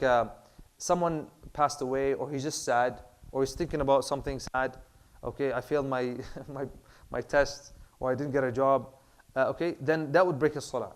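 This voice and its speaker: A man teaching an online class on Islamic prayer law in a relaxed way. He mixes Arabic terms into his English, with many fillers and repeated words. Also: mid-range voice. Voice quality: clears throat, says he has a bad throat. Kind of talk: casual classroom lecture.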